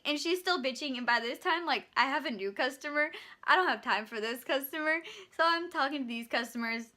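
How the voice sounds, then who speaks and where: A young woman in her twenties, a store bakery clerk, telling a storytime vlog in an animated way and acting out both sides of a scene. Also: high voice, brisk.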